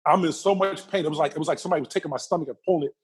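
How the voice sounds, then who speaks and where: A middle-aged interview guest with a husky, slightly high voice talks rapidly through vivid stories in a casual interview. He repeats phrases for emphasis and acts out the people he describes.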